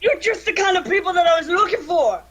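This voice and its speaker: A man voicing a cheerful older male dwarf ship captain with jovial, loud greetings in a tabletop game. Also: extremely high pitch, lively intonation, quick pace, pitched above the performer's own voice.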